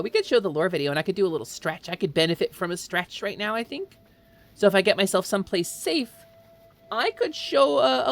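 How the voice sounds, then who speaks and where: A woman VTuber streaming live, chatting casually while gaming in an excitable, giggly, rambling way. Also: mid-range voice.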